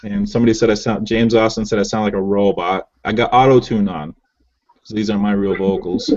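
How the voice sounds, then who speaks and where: A man with a fairly low voice hosts a casual online hangout, chatting loosely through comments with lots of ums. His call audio sounds muffled and lo-fi. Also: fairly quick. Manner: relaxed, chatty, filler-heavy. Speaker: host reading viewer comments. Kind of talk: casual live hangout chat. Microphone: video call. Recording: dull lo-fi web call audio.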